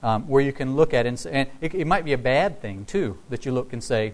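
A man giving a sermon to his congregation in a relaxed, conversational way, breaking into the voices of the people in his text. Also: mid-range voice, fairly quick, poor audio. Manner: conversational, acts out quoted dialogue. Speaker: pastor.

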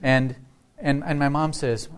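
A man's voice: fairly high pitch, flat delivery, measured pace. A man preaching a sermon as a Lutheran pastor, telling stories conversationally with frequent restarts.

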